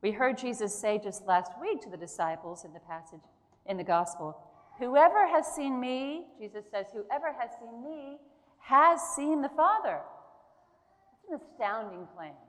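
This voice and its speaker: A woman preaching a sermon in a church, earnest and emphatic, with slow pauses between phrases. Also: mid-range voice. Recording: long hall reverb.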